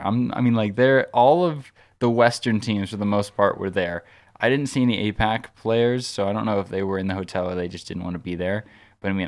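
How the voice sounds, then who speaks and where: A man co-hosting a podcast, telling a long anecdote in a casual, rambling way full of "like" and restarts. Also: fairly low pitch. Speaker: podcast co-host. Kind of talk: casual storytelling chat.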